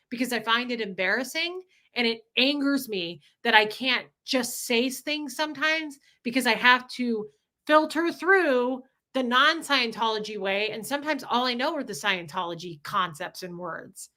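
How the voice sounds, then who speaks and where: Bright, emotional woman hosting a livestream. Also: a little high, animated, moderate pace. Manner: emotional, rambling, swears freely. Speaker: livestream host. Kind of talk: casual livestream chat.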